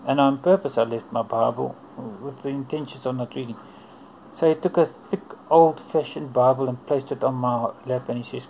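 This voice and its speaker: A man sharing a personal faith testimony, earnest and unhurried, with a middle-pitched voice. His phrases come in short pieces with pauses between them. A faint hiss sits under the voice. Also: steady tone, creaky, warm tone, poor audio. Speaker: churchgoer giving testimony.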